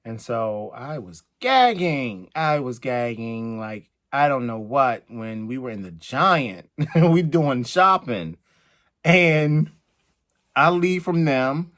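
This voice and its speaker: A man's voice: medium pitch, expressive, takes it slowly, a bit bright. A man co-hosting a storytime chat, playful and chatty, with teasing asides and laughter. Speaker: co-host.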